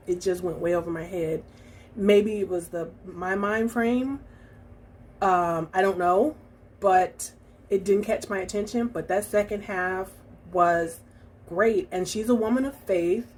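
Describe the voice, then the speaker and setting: A woman talking through her recent reading in a casual vlog, reflective and halting, with many fillers and restarts. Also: medium pitch, a little mellow, husky. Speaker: book vlogger. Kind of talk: casual book review vlog.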